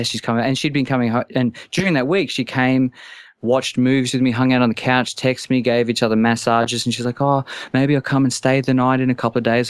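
A man's voice: medium pitch, no room sound. A man calling in to a talk show, telling a personal story anxiously, stammering and restarting often. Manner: halting, stammering, many restarts. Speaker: caller.

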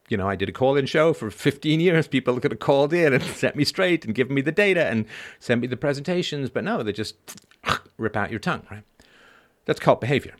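A middle-aged man hosting a show, talking through ideas in a discursive, emphatic monologue and checking in with frequent tag questions. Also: lowish voice. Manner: discursive, emphatic, constant "right?" tags. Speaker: podcast host. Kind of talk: philosophical monologue.

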